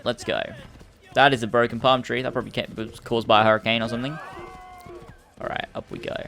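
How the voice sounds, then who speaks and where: A man's voice: medium pitch, fairly even intonation, quick pace, gravelly, sharp tone, soft background music. A young man hosting a let's play, rambling through casual gameplay commentary and swearing often.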